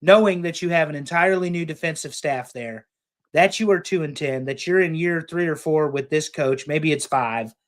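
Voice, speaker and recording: A man with a slightly raised pitch co-hosts a casual sports chat. He is opinionated and jokes a lot, dropping the odd curse as he talks. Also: normal speed. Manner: opinionated, joking, swears casually. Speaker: podcast co-host.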